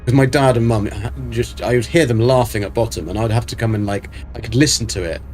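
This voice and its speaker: A man's voice: on the low side, fast talker, darkish tone, soft background music. Chatty man streaming a game. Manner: rambling, many ums, reads chat aloud. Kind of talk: casual live-stream chat.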